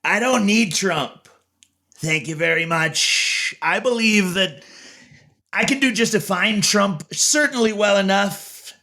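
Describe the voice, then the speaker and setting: A man putting on the voice of a boastful, blustering older man who brags in repetitive, drawn-out phrases, pitched well above his own voice. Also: pushed and bright, heavily acted. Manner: repetitive bragging, drawn-out emphasis.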